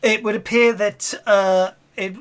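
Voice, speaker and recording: Man, game master, fairly high voice, rambling, lots of ums and restarts, tabletop narration. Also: fairly even intonation, a little slow, clean tone. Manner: rambling with many fillers and restarts.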